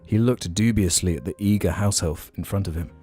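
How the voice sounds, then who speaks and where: A podcast host reading fan fiction aloud dramatically, chuckling between lines. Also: male voice, low voice, fairly quick, dark tone, slightly rough, faint music behind.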